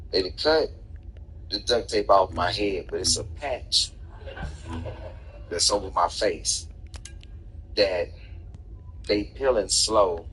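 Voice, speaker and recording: A man streaming gameplay, telling a personal story in an animated, profane way with bursts of laughter. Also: on the low side, slight background noise, low-quality recording. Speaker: gaming streamer. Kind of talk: casual storytelling over gameplay.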